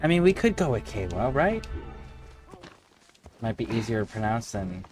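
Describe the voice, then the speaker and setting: A man streaming a video game, chatting casually with viewers, swearing freely and thinking out loud while he plays. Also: medium pitch, very animated, normal speed, over music. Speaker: livestreamer. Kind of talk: casual gaming livestream chat.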